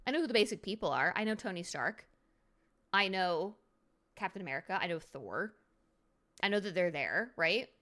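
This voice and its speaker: A woman's voice: fairly low pitch, expressive, moderate pace, long pauses, pushed and bright. A woman streamer giving a casual card review at her computer, goofy and playful with silly jokes.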